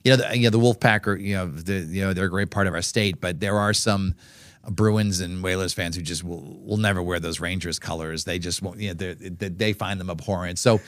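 Middle-aged anchorman trailing off softly. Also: deep voice, steady tone, a little fast, no echo. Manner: hesitant fillers, voice drops quieter at phrase ends. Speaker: TV news anchor. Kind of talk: casual chat. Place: TV station studio.

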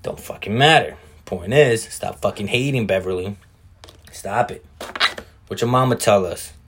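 A man with a fairly low voice talks in a loose, rambling way on his own podcast. He curses freely and keeps things casual. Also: a little slow, noisy background. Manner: rambling, profane, laid-back. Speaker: podcast host. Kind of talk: casual solo chat.

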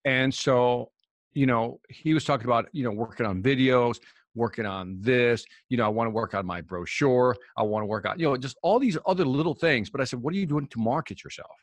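A man, a professional speaker, telling a lively story in an interview and acting out the dialogue. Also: mid-range voice, a little fast, no echo.

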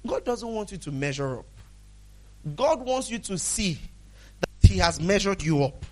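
A male pastor with a notably high voice preaches a sermon. He talks in a conversational way, acts out little dialogues with people and laughs often. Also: very animated, unhurried.

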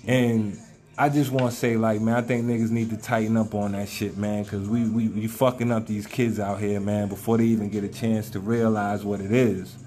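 Laid-back man with a mellow voice. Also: fairly low pitch, level tone, moderate pace. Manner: loose, profane street talk with many fillers. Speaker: podcast host. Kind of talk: casual podcast chat.

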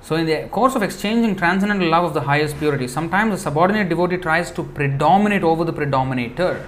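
A man's voice: a little high, fast talker, a bit bright, a little hiss or hum. A man teaching a scripture class in a conversational way, explaining terms and checking in with listeners. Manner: conversational, asks rhetorical checks; explains word meanings while reading. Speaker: spiritual teacher.

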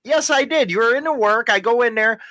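A man's voice: very high voice, a little fast, pushed and bright, no room sound. A man co-hosting a casual podcast with his wife, ranting and teasing with plenty of profanity. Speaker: podcast co-host. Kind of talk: casual banter.

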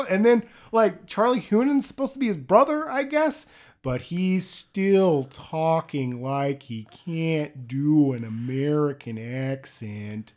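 A man's voice: on the high side, expressive, a little slow, darkish tone. A man co-hosting a podcast, chatting casually, rambling, swearing and laughing often. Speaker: podcast co-host. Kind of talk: casual chat.

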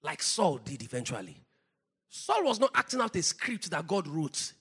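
Husky, fiery preacher man. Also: sing-song, moderate pace. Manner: impassioned preaching, swinging between low intensity and loud shouting; speaks in tongues between points. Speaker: pastor. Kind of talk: sermon.

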